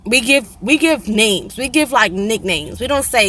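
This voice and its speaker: A young woman talking casually to camera in her own vlog, animated and opinionated, often restarting with fillers. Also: a little high, measured pace, few pauses. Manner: animated, mimics slang in a raised voice. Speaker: vlogger.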